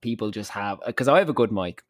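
A man hosting a podcast, joking and swearing casually and laughing loudly. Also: on the low side, animated, fast, dry recording. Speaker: podcast host. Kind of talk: casual chat.

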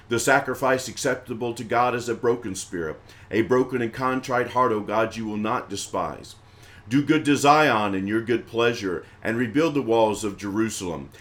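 A man from the American South with a Southern accent, leading liturgical prayers for a live stream in a chanting, intoning voice. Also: fairly low pitch. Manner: intoning prayers in a raised chanting voice, chatty and laughing between.

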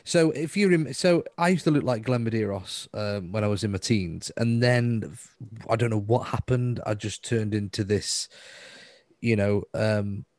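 Low, self-mocking male co-host who rambles his way through stories, dry close mic. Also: moderate pace, darkish tone, dry recording. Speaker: podcast co-host. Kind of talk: casual chat.

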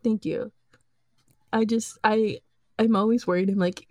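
A woman's voice: mid-range voice, fairly even intonation, unhurried, no echo, clean studio sound. A woman game master in a casual podcast chat, talking hesitantly with many fillers.

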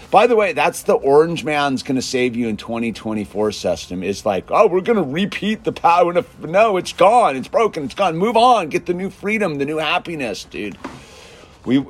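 A man ranting in a casual monologue, emphatic and constantly saying "dude", swinging between loud bursts and low mutters. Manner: emphatic, peppers speech with "dude". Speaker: show host.

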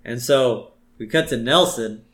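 A man co-hosting a podcast, casually retelling cartoon scenes and jumping into high voices for quoted lines. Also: measured pace, a bit bright. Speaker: podcast co-host recapping an episode. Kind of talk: casual chat.

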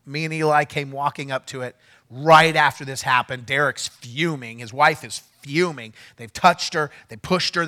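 A male pastor telling a story during a sermon, animated and getting loud when he acts out what was said. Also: mid-range voice. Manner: animated, shouts when acting out quotes. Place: church.

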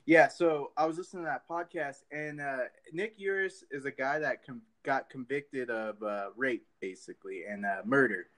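A man's voice: mid-range voice, moderate pace, few pauses, a bit bright. A man hosting a podcast in casual chat, rambling loosely with many fillers and swearing. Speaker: podcast host.

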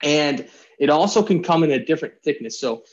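A man's voice: fairly high pitch, expressive, fairly quick. A young man co-hosting a casual podcast, explaining things with puns and laughing often. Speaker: podcast co-host. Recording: slightly dull lo-fi sound.

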